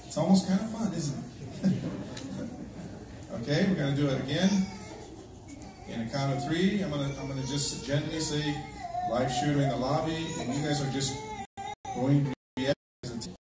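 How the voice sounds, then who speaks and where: A man with a fairly high voice addresses a congregation as a church elder, chatty and often checking in with his listeners. He is picked up from well across a large, heavily reverberant church hall. There is a clear hiss and murmur under the live stream. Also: moderate pace, long pauses. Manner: conversational, checks in often with the audience. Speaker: church elder leading a security drill. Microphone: distant livestream device. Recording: very echoey, distant, noisy live stream.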